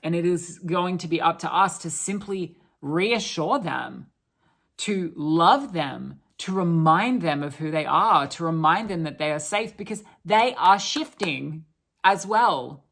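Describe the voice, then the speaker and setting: A woman's voice: lowish voice, animated, a little slow, creaky, fairly bright tone. A woman giving a channelled spiritual talk, earnest and restarting her sentences often.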